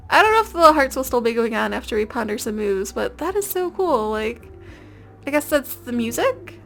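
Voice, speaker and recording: A young woman talks through her life-sim game in a loose, casual way. Her voice sits high with a gravelly fry, and she giggles and rambles, dropping fillers as she goes. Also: sing-song, moderate pace, fairly bright tone, faint music behind. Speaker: gameplay video host. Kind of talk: casual let's-play commentary.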